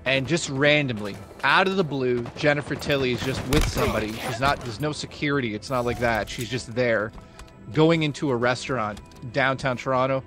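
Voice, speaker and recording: A man streaming a game who reads out donations and tells animated stories in casual chat, swearing freely. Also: medium pitch, a little fast. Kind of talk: casual chat while gaming. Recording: game music loud underneath.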